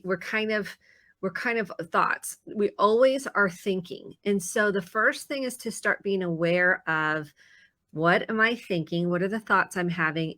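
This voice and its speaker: On a live talk show, a female therapist from Indiana, US, lays out her ideas, earnestly explaining and acting out the things people tell themselves. Her medium-pitched voice is bright, close and dry, with no room sound.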